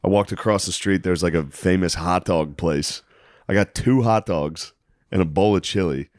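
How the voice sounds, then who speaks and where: A podcast co-host and stand-up comedian tells a profane story in casual chat, laughing often and acting out the people involved. His voice is deep and a little mellow at a normal speed, recorded with clean studio sound and no echo.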